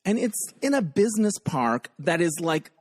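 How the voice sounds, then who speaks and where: A man's voice: high voice, big pitch swings, moderate pace, no echo, clean studio sound. A man hosting a podcast in a casual, rambling chat, often laughing as he talks. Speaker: podcast host.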